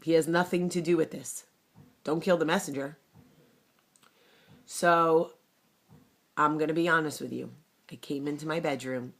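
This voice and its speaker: Low-voiced fiery woman. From New Jersey. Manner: fiery, blunt, animated storytelling. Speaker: vlogger. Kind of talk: casual talk to camera.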